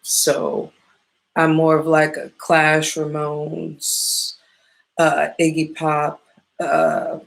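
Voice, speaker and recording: A woman's voice: low-pitched, completely flat delivery, drawn-out words, gravelly. A woman from the American Midwest chatting casually as a podcast host, rambling, swearing freely and often losing her train of thought. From Midwestern United States. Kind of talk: casual chat.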